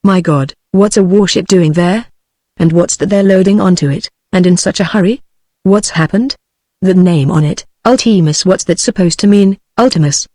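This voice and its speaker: A text-to-speech voice of a woman with a British English accent, reading a stage play aloud in one even voice, speaker names and stage directions included. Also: lowish voice, normal speed, no echo, studio quality. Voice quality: even synthetic delivery with no change between characters.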